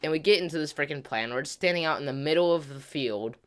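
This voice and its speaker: This fast-talking gaming host has a smooth, fairly high voice and shares a casual, meandering story during gameplay. His speech is loaded with filler words and light slang, rising in loudness and excitement at the climax.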